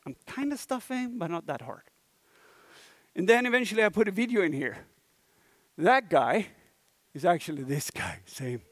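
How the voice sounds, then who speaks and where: Swedish-accented man, slightly high voice, dry close sound, casual conference talk, profane. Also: no room sound. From Sweden. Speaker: conference speaker. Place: conference hall stage.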